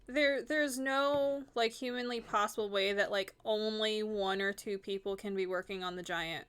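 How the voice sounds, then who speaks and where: A woman's voice: medium pitch, fairly even intonation, normal speed, fairly bright tone, smooth. A woman streaming a game, chatting casually and rambling with lots of filler words. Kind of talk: casual chat while gaming.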